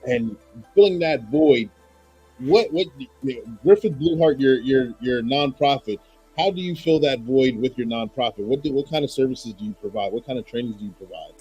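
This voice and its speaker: Halting, husky male podcast host. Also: mid-range voice, warm tone, muffled recording, soft background music. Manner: halting, searching for words. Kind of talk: interview.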